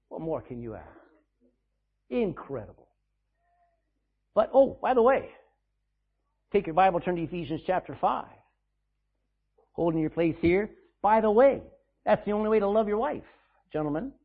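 Man preaching to his church, fairly high voice, sounds thin like over a phone, gets loud then drops soft. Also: highs cut off. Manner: preaching with emphatic swings in volume, reading scripture slowly. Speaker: pastor. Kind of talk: sermon. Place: church sanctuary.

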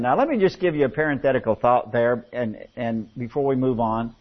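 Folksy American preacher, muffled recording. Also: male voice, mid-range voice, normal speed. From United States. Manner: folksy, animated storytelling with jokes. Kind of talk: sermon with humorous anecdotes. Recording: muffled lo-fi sound.

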